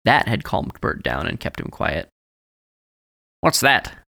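A man reading a novel aloud as audiobook narrator, telling the story in a measured way and voicing each character. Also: very deep voice, big pitch swings, creaky, bright, forceful tone, dry recording, studio quality. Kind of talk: scripted narration.

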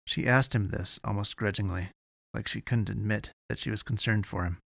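A man narrating a story in a measured, steady reading on a close mic. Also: on the low side, gravelly, dry recording. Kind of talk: audiobook narration.

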